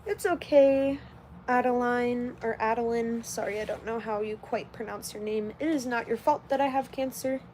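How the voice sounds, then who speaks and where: Woman in her twenties, casual live-stream host, cursing freely and straight-talking, voice a touch high. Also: moderate pace, hardly any pauses, mellow, a little hiss or hum. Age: 20s. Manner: blunt and heavily profane. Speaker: livestreamer. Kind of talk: casual livestream chat reading comments.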